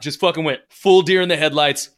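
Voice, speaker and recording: A man's voice: fairly high pitch, fairly even intonation, fairly quick, a bit bright. A man co-hosting a podcast, telling a story in casual chat with playful, swearing humor. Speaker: podcast co-host.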